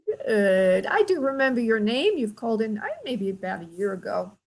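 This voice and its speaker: On a call-in radio show, a woman who works as a spirit medium gives gentle, affectionate readings, calling her callers "honey" and "sweetheart." Her medium-pitched voice is expressive and moves at a normal speed. The recording quality is low.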